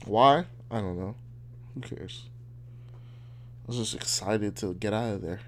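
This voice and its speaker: A man's voice: fairly low pitch, measured pace, slight background noise. A man in his twenties hosting a podcast, ranting casually in a blunt, heated, profane way. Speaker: podcast host. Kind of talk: casual rant.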